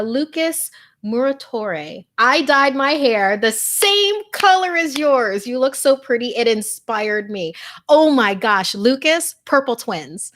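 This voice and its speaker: A woman's voice: a little high, a bit bright. Bubbly woman chatting on a live stream. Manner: bubbly, gushing, chatty with frequent fillers. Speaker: host. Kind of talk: casual live-stream chat.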